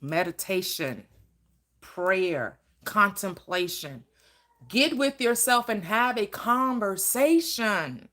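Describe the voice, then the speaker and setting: A woman's voice: mid-range voice, lively intonation, slow, sharp tone. A woman giving a preacher-style motivational talk about manifesting, emphatic and full of repetition. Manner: emphatic, preacherly, swings into acted quotes and repetition. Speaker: manifestation teacher.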